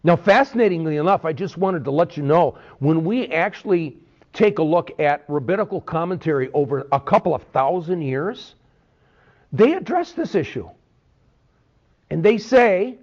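Animated man teaching from the Bible. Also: a little high, moderate pace. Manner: animated, peppers talk with "okay?". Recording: dull lo-fi recording.

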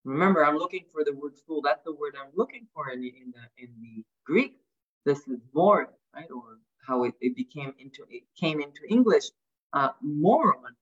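A woman's voice: deep voice, slightly rough. A woman giving an academic lecture, asking rhetorical questions and often adding "right?". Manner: frequent restarts and repeated words. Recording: dull lo-fi sound.

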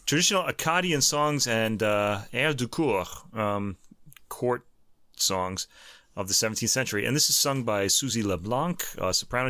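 A man's voice: mid-range voice, pushed and bright, no echo. A man co-hosting a podcast in casual chat, laughing easily and stumbling through French titles with many restarts. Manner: laughs often, lots of restarts. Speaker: podcast co-host.

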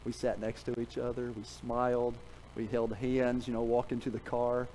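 A middle-aged man preaching a sermon in a church, telling a story with humor, then dropping to a quiet, earnest tone to drive a point home. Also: medium pitch, normal speed, a little hiss or hum, poor audio. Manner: animated storytelling, jokes with the congregation; drops to a quiet, earnest tone for emphasis. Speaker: pastor. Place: church sanctuary.

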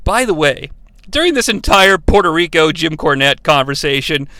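High bright-voiced male podcast host. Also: animated, moderate pace, no echo. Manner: wry, chuckling asides to listeners. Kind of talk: casual recap of an old wrestling broadcast.

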